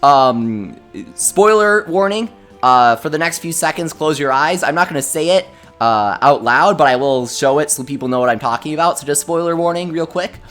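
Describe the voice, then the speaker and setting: A young man hosting a casual game livestream, reading chat messages aloud and reacting with excitement. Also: fairly high pitch, normal speed, soft background music. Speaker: gaming livestreamer.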